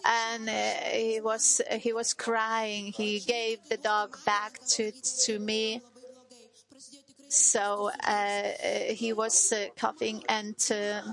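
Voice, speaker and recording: A middle-aged woman giving a personal testimony as a mother, speaking halting, non-native English with many hesitations and restarts. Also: medium pitch, completely flat delivery, fairly bright tone, rough recording.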